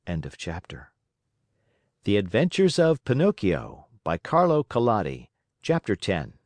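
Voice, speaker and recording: A man narrates a classic fairy tale for English learners. His voice sits on the low side but moves with lively, animated pitch. The sound is dry and close to the mic. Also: unhurried, no room sound. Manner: expressive, lively storytelling. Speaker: storyteller.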